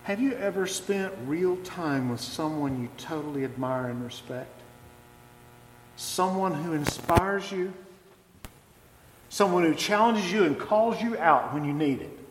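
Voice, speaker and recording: A man's voice: a little high, expressive, a little hiss or hum. Preaching man in an echoey hall. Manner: reflective, deliberate preaching with slow emphatic phrases. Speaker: pastor. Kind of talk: sermon.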